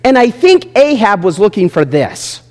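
A man preaching a sermon, moving between quiet asides and loud, emphatic points. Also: moderate pace. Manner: animated preaching, swinging from low asides to shouted points. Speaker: pastor. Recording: long hall reverb.

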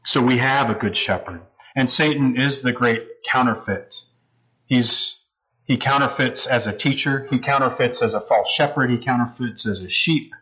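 A man's voice: medium pitch, moderate pace, bright, forceful tone, poor audio. A man preaching a sermon, explaining scripture in a conversational, teaching manner. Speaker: pastor.

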